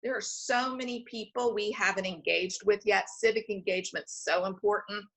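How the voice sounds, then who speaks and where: A woman's voice: mid-range voice, fairly even intonation, moderate pace. A woman who heads a community foundation, speaking as a guest in a conversational interview. She explains things at length and often checks in with the listener by asking "right?". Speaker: foundation president and CEO, podcast guest.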